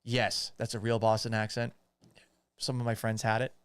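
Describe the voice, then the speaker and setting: A man's voice: lowish voice, completely flat delivery, normal speed, clear, resonant tone, no room sound. A man hosting a sports podcast, reading viewer comments and answering them in a blunt, joking, profane manner. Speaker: podcast host.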